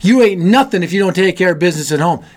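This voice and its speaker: A man's voice: high-pitched, lively intonation, fast talker, darkish tone. A man voicing a stern male associate pastor who lectures bluntly. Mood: scolding.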